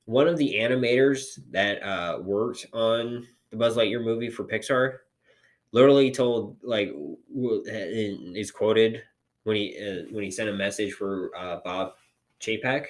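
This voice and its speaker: Low-ish guy podcasting, loose rambly chat, lots of ums. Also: a little slow. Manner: rambling, filler-heavy, swears for emphasis. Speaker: podcast co-host. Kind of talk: casual chat.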